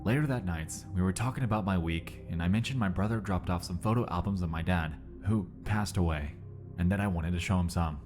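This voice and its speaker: A man with a low, deep voice narrates a story at a steady, measured pace. A clear music bed plays underneath him throughout. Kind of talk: read-aloud story narration.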